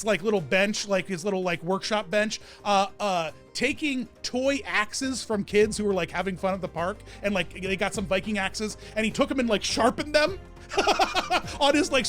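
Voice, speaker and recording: Gushing high-voiced man. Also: fairly bright tone. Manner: gushing, enthusiastic, rambling. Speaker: theme park vlogger. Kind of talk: casual ranking commentary.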